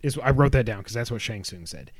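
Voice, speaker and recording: A man chatting casually about a film, animated and rambling, often mimicking lines from it. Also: medium pitch, fast talker. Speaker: co-host reviewing a film. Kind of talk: casual chat.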